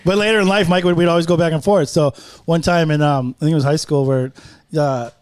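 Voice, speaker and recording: Fast-talking man, profane rambling stories. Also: on the high side, little pitch movement, darkish tone, a little hiss or hum. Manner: rambling, profane, acts out quoted voices. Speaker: guest comedian. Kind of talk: casual podcast storytelling. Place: podcast studio.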